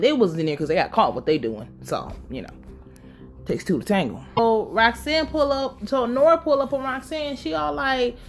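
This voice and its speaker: A woman giving a casual, blunt and profane recap of a TV episode, full of her own opinions. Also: on the high side. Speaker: show recap host.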